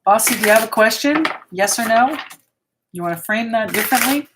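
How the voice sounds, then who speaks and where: A woman's voice: fairly high pitch, lively intonation, a little fast, background noise. A woman hosting a live tarot reading, chatting with viewers and reassuring them as she thinks aloud between cards. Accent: American. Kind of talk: live-stream card reading, answering viewers.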